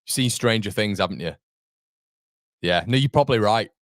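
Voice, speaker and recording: A man's voice: on the low side, expressive, normal speed, no echo, studio quality. A man, hosting a live football watchalong and chatting bluntly, with the odd swear word. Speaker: fan channel host. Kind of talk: live match watchalong commentary.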